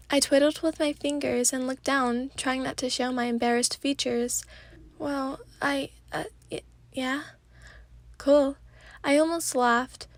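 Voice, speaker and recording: A tired woman with a stuffy, blocked-up voice narrates a soft, sleepy ASMR story. Her voice is high and stays level, with little rise or fall. The recording is close and dry. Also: no room sound. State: stuffy nose.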